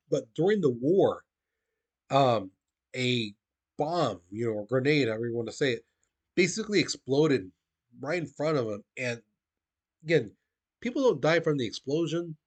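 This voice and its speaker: A man's voice: mid-range voice, very animated, measured pace, long pauses. A man teaching a recorded history lesson to his students, casual and conversational, often checking in with "okay?".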